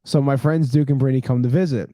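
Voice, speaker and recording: A man in his thirties tells a story on a casual podcast, jumping into the voices of the people in it and swearing freely. His voice is mellow and relaxed. The sound is dry and close. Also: mid-range voice, fast, dry recording. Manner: animated storyteller, acts out quotes, swears casually. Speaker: podcast co-host.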